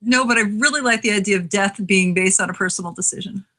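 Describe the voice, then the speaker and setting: A woman's voice: mid-range voice, fast, sharp tone. A woman co-hosting a podcast and teaching writing, chatting casually, laughing often and restarting her sentences.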